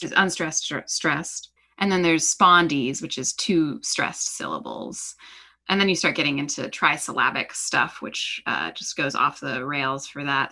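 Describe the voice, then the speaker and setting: Low-pitched woman co-host, crisp bright tone, steady explainer. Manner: lecturing, steady explainer with "um" fillers. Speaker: podcast co-host. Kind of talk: explanatory casual chat.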